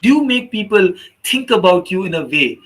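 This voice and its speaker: Guy running a teacher workshop online, highish bright voice, bit husky, tells stories and does the voices. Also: moderate pace, rough recording. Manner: animated storyteller, acts out quoted voices. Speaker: teacher trainer. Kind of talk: workshop talk with storytelling.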